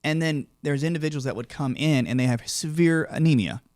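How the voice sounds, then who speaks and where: A man's voice: a little high, a little fast, darkish tone, dry recording, studio quality. Chatty man hosting a podcast. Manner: rambling questions, frequent affirming backchannels. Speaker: podcast host, doctor. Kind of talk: casual interview chat.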